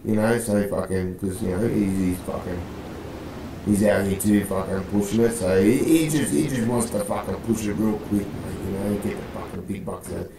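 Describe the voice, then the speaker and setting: A man's voice: lowish voice, steady tone, moderate pace, echoey room, noisy background. A man playing a gang leader in a roleplay, rambling, swearing constantly and calling everyone mate. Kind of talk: in-character roleplay chat.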